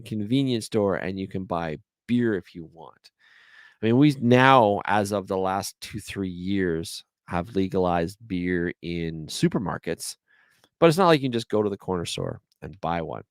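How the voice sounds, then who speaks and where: A man's voice: low-pitched, expressive, normal speed, dry recording. A man with a Canadian accent hosting a podcast alone, telling stories in a chatty, rambling way. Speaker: podcast host. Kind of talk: solo podcast chat.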